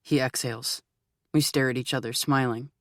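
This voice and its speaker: A man's voice: medium pitch, steady tone, moderate pace, a bit bright, no echo, clean studio sound. A man narrating an audiobook in first person, earnest and at times nervously rambling. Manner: earnest, rising into anxious rambling.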